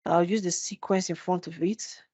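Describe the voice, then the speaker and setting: A woman's voice: fairly low pitch, fairly even intonation, normal speed, dark tone, no echo. A woman teaching a live spreadsheet tutorial, often posing "which is what?" questions and answering them herself. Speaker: Excel instructor. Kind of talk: live screen-share tutorial. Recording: dull dry webinar audio.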